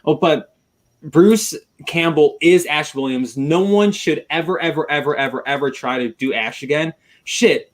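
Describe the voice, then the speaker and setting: A man's voice: on the high side, animated, unhurried. A man in a casual film podcast chat, talking enthusiastically and rambling, often repeating himself. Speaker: podcast panelist.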